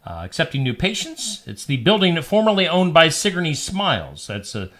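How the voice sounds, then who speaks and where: A man's voice: a little high, huge pitch swings, moderate pace, fairly bright tone. A man hosting a radio show, reading odd news stories with jokey asides. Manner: barks like a dog for laughs.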